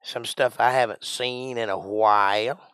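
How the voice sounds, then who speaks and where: A middle-aged man from Georgia with a Southern accent, chatting playfully and rambling on his livestream, now and then bursting out loud. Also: mid-range voice, steady tone, measured pace, smooth, dry recording, clean studio sound. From Georgia, USA. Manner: playful, rambling, jokey with sudden loud outbursts. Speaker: livestream host. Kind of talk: casual livestream chat.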